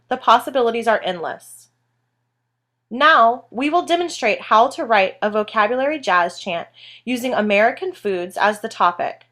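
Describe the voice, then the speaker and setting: A woman explaining a classroom technique in scripted instructional narration, clear and measured. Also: fairly high pitch, fairly bright tone. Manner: clear, measured, stressing each word in the chants. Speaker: teacher.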